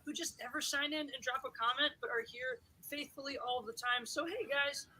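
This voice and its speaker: A woman's voice: high-pitched, a little fast, sharp tone, a little hiss or hum, poor audio. A woman hosting a casual livestream, chatting to viewers, greeting them by name and dropping into whispered asides. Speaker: livestream host.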